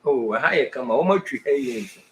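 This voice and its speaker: A man acting in a comedy skit, loudly scolding a house help in a bossy way. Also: mid-range voice, expressive, fairly quick, far from the mic, rough recording.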